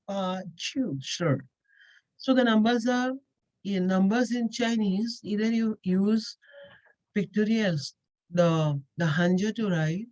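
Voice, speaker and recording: A woman's voice: on the low side, warm tone, lo-fi sound. A woman teaching a language lesson, explaining step by step and repeating key points. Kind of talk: explanatory lecture.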